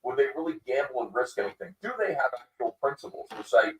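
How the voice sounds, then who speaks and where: A man's voice: medium pitch, lively intonation, fast, fairly bright tone. A man hosting a livestream podcast, ranting in casual commentary with lots of fillers and mocking quoted voices. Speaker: podcast host. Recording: echoey room, distant mic.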